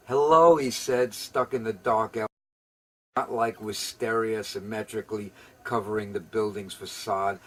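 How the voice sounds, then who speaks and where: Low-voiced man reading poetry at home. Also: a little hiss or hum, poor audio. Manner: rambling, self-deprecating, quick asides. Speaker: poet.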